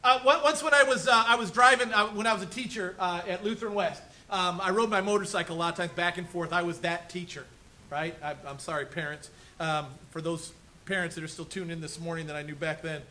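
A man's voice: high-pitched, steady tone, fairly quick, sharp tone, rough recording. A male pastor preaching a conversational sermon in a church room, often checking in with "right?" and "okay?". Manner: chatty, keeps asking "right?" and "okay?".

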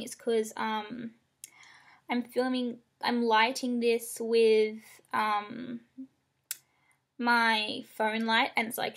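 Young adult woman, slightly high voice, upset and candid vlog vent with frequent swearing, close-up room sound. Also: a bit bright. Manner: upset, rambling and frank, swears often. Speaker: vlogger. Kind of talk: casual venting to camera. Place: small room indoors.

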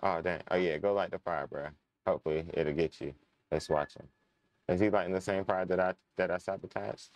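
This young gaming channel host gives casual let's-play commentary, chatting to his viewers and muttering when he gets frustrated. He speaks briskly in a low, slightly mellow voice with fairly even intonation.

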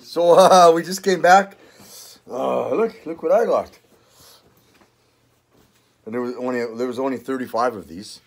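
A man's voice: medium pitch, animated, a little slow, creaky, pauses often. An older man with a Canadian accent, chatting casually in a vlog, rambling, swearing and laughing often. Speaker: vlogger. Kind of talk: casual chat.

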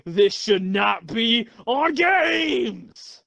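A man putting on the voice of an angry Southern country man, drawling slowly. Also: very high-pitched, sing-song, gravelly, fairly bright tone, dry recording, highs cut off, voice pushed up, heavily acted. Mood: ranting. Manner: slow, drawling, exaggerated.

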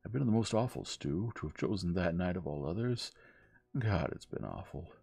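Brief: a male reader doing a cornered, wry young man in a storybook reading, dark raspy tone. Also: deep voice, expressive, moderate pace, pitched above the performer's own voice, exaggerated voice. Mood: anxious. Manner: casual, plain-spoken. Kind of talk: gentle audiobook reading.

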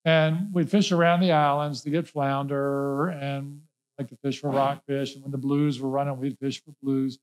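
A man's voice: mid-range voice, little pitch movement, moderate pace, low-quality recording. A male pastor preaching a sermon, emphatic and folksy, repeating key words and mixing in casual asides. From Norfolk, Virginia.

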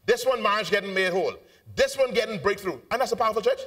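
A man with a Bahamian accent preaching a live sermon in a church auditorium. He is fervent and calls out to the congregation, moving between shouted lines, sung phrases and quiet asides. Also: high voice, expressive, fast talker, distant mic. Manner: call-and-response with the congregation. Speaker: bishop preaching. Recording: live church recording, voice off-mic.

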